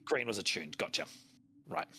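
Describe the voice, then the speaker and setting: A man's voice: mid-range voice, very animated, normal speed, vocal fry, sharp tone, breathy edge. A man playing in a tabletop game, asking questions and thinking aloud in a hesitant, casual way. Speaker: player.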